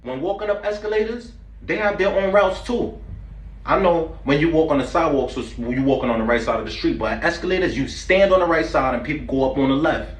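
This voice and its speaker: A young man from the Bronx talks with a strong New York accent and a brash, joking delivery, leaning hard on street slang. His voice sits slightly higher than most men's. The sound carries a noticeable room echo. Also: brisk, soft background music. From New York City, the Bronx. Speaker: vlogger host. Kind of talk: comedic vlog skits.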